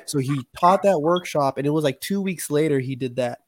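A man's voice: on the high side, brisk. A man in casual chat, telling stories loosely with slang and plenty of swearing. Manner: loose, profane storytelling with slang.

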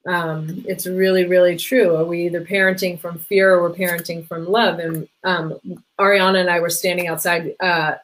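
A middle-aged parenting coach, appearing as a podcast guest, talks casually and chattily about parenting, using many "like" fillers and briefly acting out people she quotes. Her fairly low voice keeps a level tone at a moderate pace. The audio is poor.

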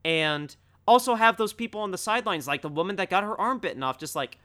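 An excitable young man in casual podcast chat. His voice is bright and forward, and his pitch swings widely as he gets caught up in the conversation. He talks in an animated way and peppers his sentences with "dude.". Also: fast talker.

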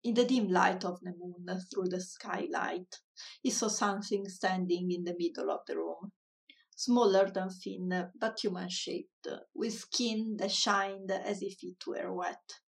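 A woman reading a children's story aloud in a soft, measured way. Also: mid-range voice, fairly even intonation, creaky, recorded from a distance.

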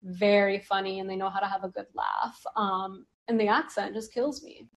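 A woman chats on a podcast in a loose, rambling way, peppering her sentences with "like". Her voice sits at an ordinary middle pitch for a woman. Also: very animated, normal speed, vocal fry. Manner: rambling, heavy use of "like". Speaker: podcast guest or host. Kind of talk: casual podcast chat.

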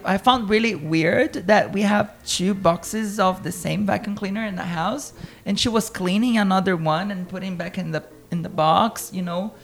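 A woman teacher tells travel stories in casual chat, animated and laughing often. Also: medium pitch. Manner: lively storyteller, laughs often.

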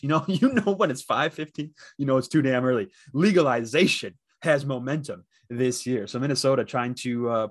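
A man from the Dakotas hosting a sports betting podcast alone, talking casually and rambling with lots of fillers and restarts. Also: mid-range voice. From Midwest, the Dakotas. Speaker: podcast host.

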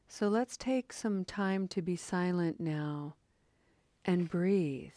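A woman giving a gentle, contemplative dharma talk that leads into a guided meditation. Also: lowish voice, slow, dry recording. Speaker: meditation teacher.

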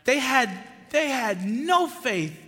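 A pastor preaching a passionate sermon in a church, moving between loud emphatic bursts and quiet asides. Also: male voice, very high voice, very animated, takes it slowly. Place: church sanctuary. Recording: long hall reverb with music underneath. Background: music playing under the preaching.

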